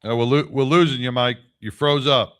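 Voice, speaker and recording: A man's voice: medium pitch, steady tone, moderate pace, fairly bright tone, clear, resonant tone. A man hosting an interview, upbeat as he promotes his guest's book. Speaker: radio show host.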